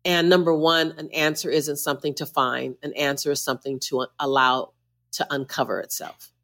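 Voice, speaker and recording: A woman's voice: low-pitched, steady tone, moderate pace, a bit bright. A woman who is a motivational speaker, a guest on a podcast interview, talking with emphatic, preacher-like repetition.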